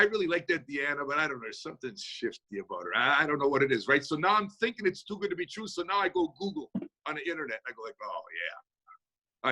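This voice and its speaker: Fast-talking, bright-voiced man. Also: on the high side. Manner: fast-talking, energetic, folksy. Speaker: speaker answering audience questions. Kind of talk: motivational Q&A talk. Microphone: video call.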